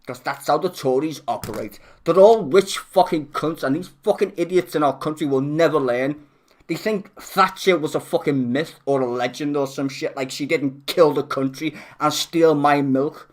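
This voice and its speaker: A streamer on a furious live rant. The voice sits at a middle pitch and is full of constant swearing. The tone is sarcastic and exasperated throughout. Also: moderate pace. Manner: angry, heavily profane ranting. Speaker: livestreamer.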